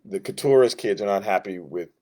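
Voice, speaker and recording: A man's voice: fairly low pitch, a little fast, darkish tone. A man teaching a Sunday school Bible lesson, telling the story in a casual, joking way and acting out what the characters say in different voices.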